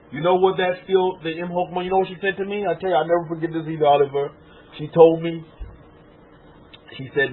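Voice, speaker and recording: A man from Texas preaching an emotional sermon as a rabbi, tearful and fervent, swinging from loud exclaiming to hushed murmuring. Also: on the high side, level tone, a little fast. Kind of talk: emotional sermon to an online congregation. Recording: tinny phone-like audio.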